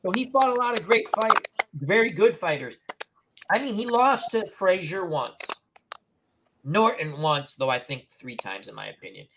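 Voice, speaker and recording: A man's voice: high voice, very animated, normal speed. A man hosting a casual live-stream chat, rambling and opinionated, restarting sentences often. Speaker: host. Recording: noisy home mic.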